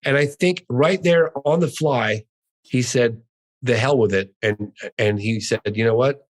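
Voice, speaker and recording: On a podcast, a middle-aged documentary filmmaker from the US spins an extended, animated tale, stressing his points and swearing it all really happened. The audio is poor; his mid-range voice keeps a measured pace.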